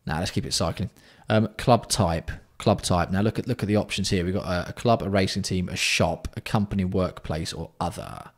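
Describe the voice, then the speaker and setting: A man hosting a casual livestream, bantering with chat and swearing freely while keeping his voice fairly hushed. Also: low-pitched, fairly quick, hardly any pauses. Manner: banter-filled, sweary, reads out and answers chat. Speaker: livestream host.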